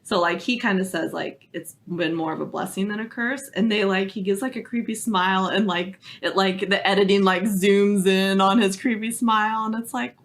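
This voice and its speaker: A woman's voice: medium pitch, steady tone, moderate pace, hardly any pauses. Chatty young woman telling a spooky story. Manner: chatty storytelling, many "like" fillers. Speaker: podcast co-host. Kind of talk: casual chat.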